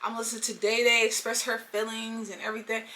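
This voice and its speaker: A young woman telling a storytime vlog in an animated, slangy way, talking straight to her viewers. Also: a little high, fast. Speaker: storytime vlogger.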